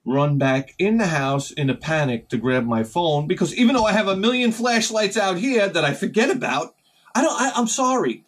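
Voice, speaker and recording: A man's voice: sits high, normal speed. A man hosting a casual vlog, rambling through a story and acting out both sides of conversations in sudden bursts. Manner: animated storyteller who acts out conversations in sharp bursts. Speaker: retro game channel host.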